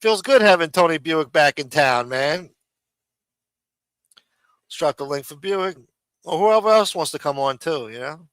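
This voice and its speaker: A man, bright and forceful, lecturing bluntly and swearing freely. His voice sits a bit high, and the sound is close and dry. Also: animated, measured pace, pauses often, clear, resonant tone, dry recording. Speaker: livestream host. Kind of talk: profane ranting commentary.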